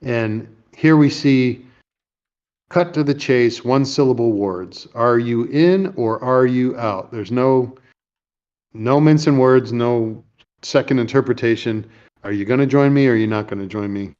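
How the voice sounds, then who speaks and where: A man's voice: medium pitch, darkish tone, dull audio. A man hosting a casual chat, retelling movie scenes in a rambling way and briefly voicing the characters. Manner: rambling, retells scenes with quick put-on lines. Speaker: podcast host.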